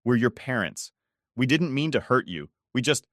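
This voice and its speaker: A man reading the part of a desperate mother who pleads softly and guilt-trips her daughter. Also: mid-range voice, sing-song, normal speed, no room sound, clean studio sound, pitched above the performer's own voice. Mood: pleading. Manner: soft, pleading.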